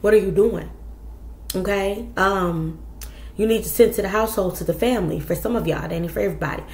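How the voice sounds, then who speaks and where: A woman's voice: medium pitch, a little fast, darkish tone, reverberant, slight background noise. Blunt, profane woman reading tarot. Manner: blunt, profane, chatty, addresses viewers as y'all. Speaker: tarot reader.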